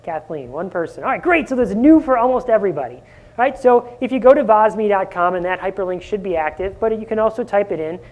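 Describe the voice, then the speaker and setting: A man presenting a live conference workshop, energetic and often asking the audience questions. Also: high-pitched, fairly quick. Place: conference room.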